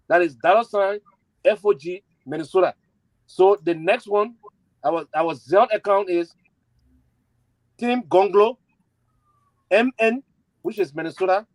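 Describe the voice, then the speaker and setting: A man making an impassioned fundraising appeal, repeating himself and spelling out letters slowly. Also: sits high, dry recording, poor audio. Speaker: campaign supporter and fundraiser.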